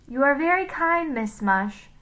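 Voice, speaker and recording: A woman voicing a mean male teacher who talks in a stolen gentleman's voice, stiff and falsely polite. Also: a little high, sing-song, moderate pace, husky, voice pushed up, exaggerated voice. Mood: stiffly polite.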